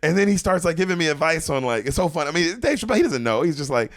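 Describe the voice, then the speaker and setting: A man, a comedian guest, telling a story in casual chat, animated and profane, acting out voices. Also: fairly high pitch, very fast, dry recording, studio quality.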